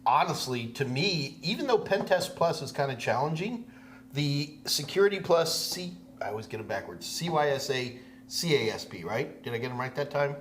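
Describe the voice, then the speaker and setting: A man hosting a live tech question-and-answer stream, talking casually and slipping in quick jokes and asides. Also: fairly high pitch, very animated, fairly bright tone, a little hiss or hum.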